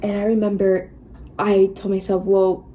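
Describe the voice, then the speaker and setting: A woman's voice: mid-range voice, little pitch movement, normal speed, mellow, slight background noise, poor audio. A young woman vlogger chatting casually about her own experiences while doing her makeup, constantly saying "you guys" and "like.". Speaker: beauty vlogger.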